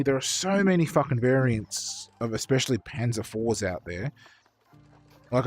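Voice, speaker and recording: A man's voice: mid-range voice, a little mellow. A young man streaming while painting models, chatting casually with viewers in a rambling, profane way with lots of fillers.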